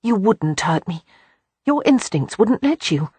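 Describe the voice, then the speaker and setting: A man voicing a spirited young Regency woman who pleads with urgent earnestness, in a husky, dry audiobook read. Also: high voice, sing-song, unhurried, a little mellow, no room sound, voice pushed up, full character voice. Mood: pleading.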